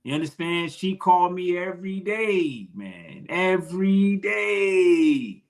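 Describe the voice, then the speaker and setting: A man's voice: high-pitched, big pitch swings, measured pace. A man from Detroit, a podcast guest, talking earnestly and repeating his phrases. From Detroit, Michigan. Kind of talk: emotional interview talk.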